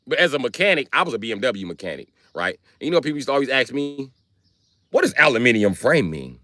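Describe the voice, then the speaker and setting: An American man with an American accent, ranting on a live stream in a loud, profane, animated way. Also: medium pitch, very fast, no echo. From United States.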